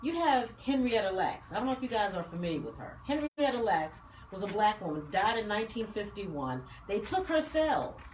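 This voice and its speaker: A woman hosting a talk radio show, speaking in a passionate, preaching way and talking fast. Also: medium pitch, lively intonation. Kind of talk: casual talk radio discussion. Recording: roomy studio, mic at a distance, faint noise.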